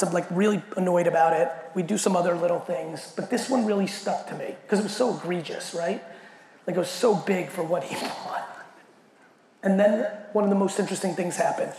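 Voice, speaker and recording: A man giving a keynote talk, telling a story in an animated, profane way and acting out the quoted dialogue. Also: high-pitched, vocal fry. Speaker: keynote speaker. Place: large event hall. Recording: echoey hall with faint noise.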